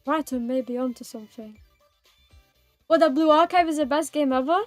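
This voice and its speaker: A woman with a high, bright-toned voice chats with her stream viewers, playful and giggly, rambling and teasing. Her voice is close and dry, with soft music playing under it. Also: moderate pace, no room sound. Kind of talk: casual live-stream chat with viewers.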